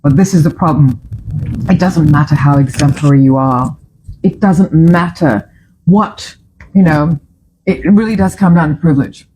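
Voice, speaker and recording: A chatty, opinionated woman hosts a casual studio talk show, her pitch swinging widely as she wanders from one aside to the next. Her voice sits a little low and sounds mellow and warm. A faint hiss runs under the whole recording. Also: moderate pace, rough recording. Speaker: show host.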